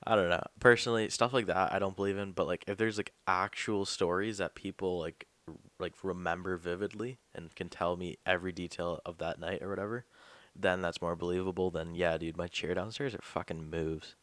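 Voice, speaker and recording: A young man talks in a loose, rambling podcast chat, dropping the odd swear word. His voice sits very low. The sound is dry and close. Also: steady tone, a little fast, fairly bright tone, dry recording. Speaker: podcast host.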